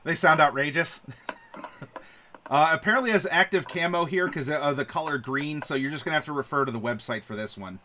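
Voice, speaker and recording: Chatty host, slightly high voice. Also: male voice, a little fast, sharp tone, slight background noise. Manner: chatty, laughs often, many fillers. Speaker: channel host. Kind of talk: casual live-stream chat.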